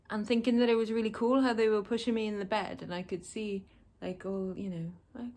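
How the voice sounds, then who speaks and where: A vlogger casually tells the camera about something that happened to her, chatty and packed with fillers, acting out the conversations she had. Her medium-pitched voice is a little mellow and fairly even in intonation, moving quickly with few pauses.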